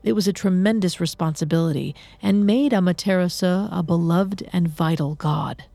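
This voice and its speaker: A woman narrating a myth in a measured, even storytelling manner. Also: fairly low pitch, creaky, no room sound.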